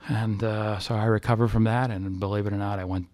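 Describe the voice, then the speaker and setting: A man recounting a personal experience as testimony, halting and emotional, with frequent restarts. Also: fairly low pitch, steady tone, a little mellow, no echo. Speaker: storyteller.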